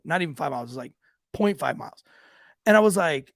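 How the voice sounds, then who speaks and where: A man with a high, gravelly voice tells a story from patrol in a profane, lively way, slipping into the voices of the people in it. The studio sound is dry and close, with no room heard around him. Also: fairly quick, no echo. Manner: profane, animated, acts out quoted voices. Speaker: police officer and podcast host. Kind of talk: casual storytelling. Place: podcast studio.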